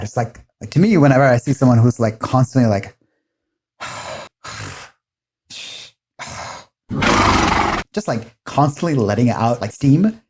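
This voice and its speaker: A man in casual commentary with a middling voice. He talks loosely and animatedly, jumping up in pitch to act out the people he quotes. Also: very animated, slow, long pauses, slight background noise.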